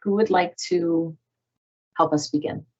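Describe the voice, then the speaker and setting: A woman's voice: fairly low pitch, fairly even intonation, unhurried, dull audio. A woman facilitating a virtual meeting in an organized, directive way as she calls on participants. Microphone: video call.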